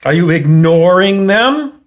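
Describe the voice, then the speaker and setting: A man lectures in a blunt, confrontational monologue and swears freely. His voice sits somewhat high for a man. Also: expressive, takes it slowly. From Canada. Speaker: self-help speaker.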